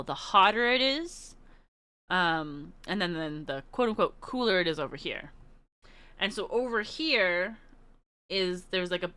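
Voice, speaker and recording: A woman's voice: mid-range voice, pushed and bright. A woman from Canada telling a rambling travel story as a streamer, giggling often and restarting her sentences. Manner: giggly, laughs often while talking; rambling, with many restarts and asides. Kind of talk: casual storytelling.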